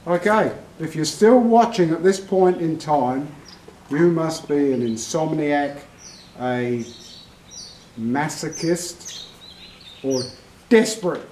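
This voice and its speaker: A slow, unhurried Australian man spinning a long and rambling anecdote for his viewers. His voice sits slightly high, and he is heard from a distance in a roomy, echoing space. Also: a little mellow, slight background noise. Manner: slow, meandering storyteller. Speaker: vlogger, horse owner. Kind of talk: rambling anecdote told to camera. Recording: roomy echo, from far off the mic.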